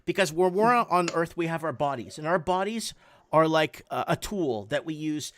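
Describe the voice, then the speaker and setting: Animated storytelling man, slightly high voice. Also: normal speed, no echo. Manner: animated, repeats words when emphatic. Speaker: podcast host. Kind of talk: casual storytelling.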